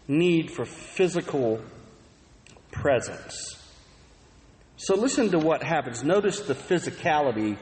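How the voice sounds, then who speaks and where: A man preaching a sermon, telling stories earnestly, with emphatic rises and soft asides. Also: mid-range voice. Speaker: pastor. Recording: long hall reverb.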